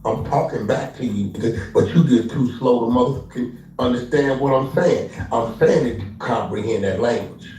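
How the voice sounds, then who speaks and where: A man's voice: mid-range voice, moderate pace, hardly any pauses, mellow. Taunting man ranting in a roomy room. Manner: taunting, acts out others' lines in mock voices. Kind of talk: confrontational street-slang rant. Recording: roomy distant audio with music behind.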